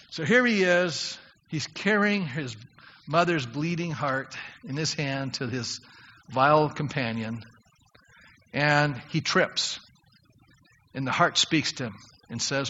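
A male pastor preaches in a bright, forceful voice that sits a little high, swinging from conversational asides to emphatic appeals. His sermon rings through a long hall reverb. The recording has a dull, lo-fi sound. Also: slow, long pauses. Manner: emphatic, rising to loud appeals; conversational, addresses congregation directly. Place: church sanctuary.

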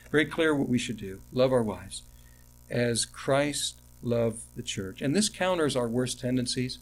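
A middle-aged man preaching a sermon, with animated emphasis that drops to quiet asides and personal stories told with restarts. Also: mid-range voice, moderate pace. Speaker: pastor.

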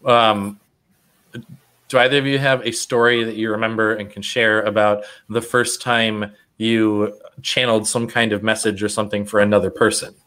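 A man hosting a casual spiritual chat, asking questions in a halting, hesitant way. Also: lowish voice, level tone, a bit bright, clean tone. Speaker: podcast host.

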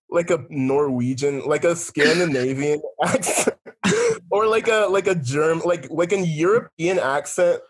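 A man's voice: on the high side, unhurried, slightly rough. A young man casually telling a comic story, rambling with lots of fillers and laughter. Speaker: storyteller pitching a film idea.

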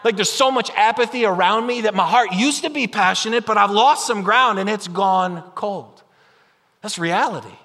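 High, bright-voiced man preaching. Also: moderate pace, in a large hall. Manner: animated, conversational, acts out imagined voices. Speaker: pastor. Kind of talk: sermon.

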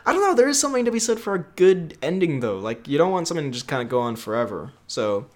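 A man's voice: a little high, big pitch swings, fast talker. A young man co-hosting a podcast in casual chat, rambling and jokey, laughing often. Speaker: podcast co-host.

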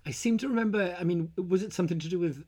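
A man co-hosts a podcast in a relaxed chat about films. He speaks haltingly and repeats words as he looks for the right phrase. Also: high voice. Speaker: podcast co-host. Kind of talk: casual film chat.

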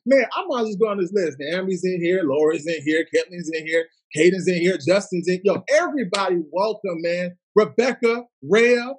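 A man's voice: high-pitched, slightly rough. A man hosting a Bible study livestream from his phone, hyped and slangy, greeting viewers by name.

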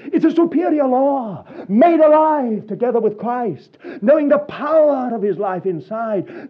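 A man preaching a sermon, telling stories with a chuckle in an animated way. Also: extremely high pitch, husky. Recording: dull lo-fi sound.

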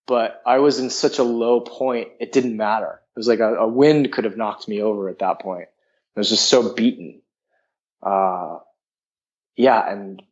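A man's voice: fairly low pitch, muffled recording. A man telling a personal story in a frank, rambling way, full of filler words. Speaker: guest.

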